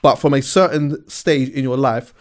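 A man's voice: medium pitch, normal speed. A man hosting a podcast, reasoning things through in a reflective, casual way. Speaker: podcast host. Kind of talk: casual chat.

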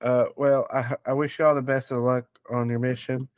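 A man's voice: mid-range voice, flat delivery, moderate pace, dry recording. A man player speaking in character in a bumbling, hesitant comic way. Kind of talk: in-character role-play.

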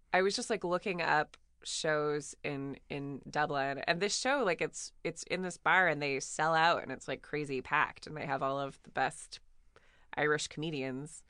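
A woman co-hosting a podcast in casual chat, rambling and quick to laugh. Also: deep voice, fairly bright tone, smooth, dry recording, studio quality. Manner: chatty, rambling, laughs easily. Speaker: podcast co-host.

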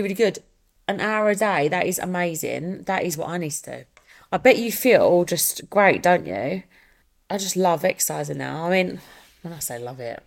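A woman's voice: fairly low pitch, creaky. A young adult woman hosting a casual solo podcast, chatty and upbeat with rambling asides. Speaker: podcast host.

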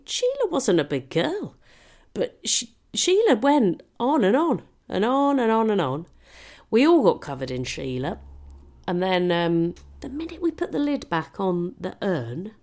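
A British woman hosting a podcast, telling a comic story in a sweary, animated way with mock-French asides. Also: fairly low pitch, vocal fry. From Britain. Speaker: podcast host.

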